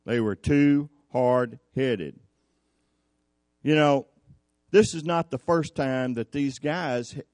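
A preacher at a cowboy church delivers a folksy sermon in a fairly high, slightly mellow voice, with no echo. He drawls through the scripture like a storyteller, acting out the people in it.

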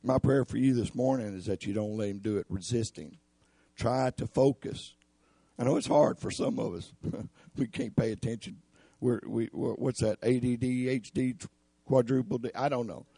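A man with a raspy voice preaching a sermon in an earnest, emphatic way. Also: medium pitch, fairly even intonation, moderate pace, dark tone, dry recording. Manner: earnest, emphatic, addresses listeners as y'all.

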